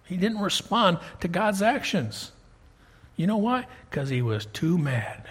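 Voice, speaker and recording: A man preaching a sermon as pastor, animated and conversational, full of rhetorical questions. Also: high-pitched, measured pace, breathy edge, long reverb tail.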